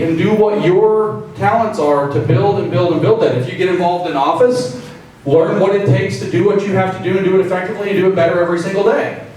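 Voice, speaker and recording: A man's voice: high-pitched, a little mellow. A man giving a joking, conversational speech to an audience at a meeting, acting out quoted voices. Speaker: invited speaker. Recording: very echoey room, distant mic, faint noise.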